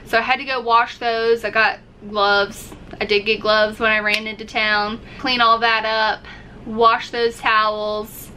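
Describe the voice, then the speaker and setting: A woman's voice: on the high side, flat delivery, a little slow, pushed and bright, a little hiss or hum, rough recording. A woman vlogger casually telling a story to camera, acting out her own reactions as she goes. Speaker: RV-living vlogger.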